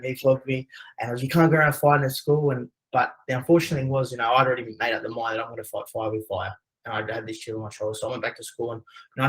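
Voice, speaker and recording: A man's voice: medium pitch, rough recording. A man with an Australian accent, presenting a webinar and telling a personal story in a conversational way, with many fillers. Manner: conversational, frequent "you know" fillers.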